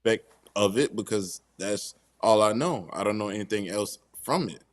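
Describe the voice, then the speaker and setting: Man, low voice, wrestler guest, casual interview, relaxed slang. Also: moderate pace. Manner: slangy and laid-back, says "bro" often.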